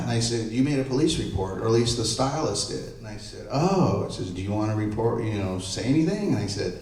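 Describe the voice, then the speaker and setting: A middle-aged man telling stories at a live panel event, jumping into the voices of the people he quotes. His voice sits at an ordinary pitch and carries a strong, boomy room echo, picked up from some distance away from the mic. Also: fairly quick, hardly any pauses. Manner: animated, acts out quoted voices. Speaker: entertainment photographer on a panel. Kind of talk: anecdotal storytelling at a live panel. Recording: echoey room, mic far off.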